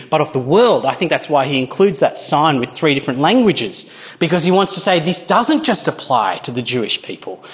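A man preaching a sermon in an earnest, measured way, with small restarts. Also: sits high, a bit bright.

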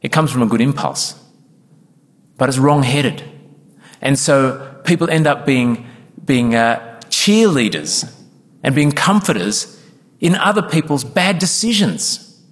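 A man's voice: medium pitch, animated, slow pace, long pauses. A man preaching a sermon as pastor, earnest and emphatic, sometimes acting out quoted congregation members. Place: church. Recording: church hall with long reverb.

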